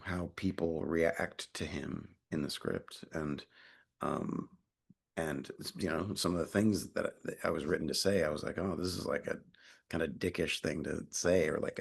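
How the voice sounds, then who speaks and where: A young adult man talks through an interview in a deep, low register with a gravelly, fried edge. His voice is a little husky, and he rambles, restarting sentences and stacking up fillers. He swears casually as he goes. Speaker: actor being interviewed.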